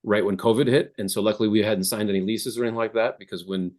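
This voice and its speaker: A man's voice: lowish voice, steady tone, fast talker, a little mellow. A man speaking as a guest in a casual interview over a video call from his home office, hesitant with frequent restarts. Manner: hesitant, many restarts and fillers. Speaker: app founder guest.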